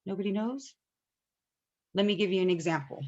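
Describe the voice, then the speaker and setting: A woman's voice: medium pitch, expressive, a little fast, darkish tone, dull audio, slight background noise. A woman teaching an online class, talking casually and often checking that students follow. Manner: chatty, asks the class questions often.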